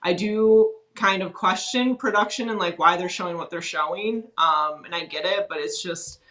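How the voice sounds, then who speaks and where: A woman's voice: on the low side, moderate pace, pushed and bright, rough recording. A woman talking as a guest on a podcast, a former reality-show contestant speaking frankly in a chatty, casual way, with a lot of "like".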